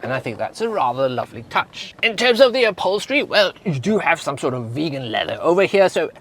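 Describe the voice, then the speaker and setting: A man's voice: on the high side, sing-song, brisk, a bit bright, a little hiss or hum. A man doing a put-on British accent as a pompous car presenter who makes dry innuendo jokes. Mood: mock-posh. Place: inside a small car.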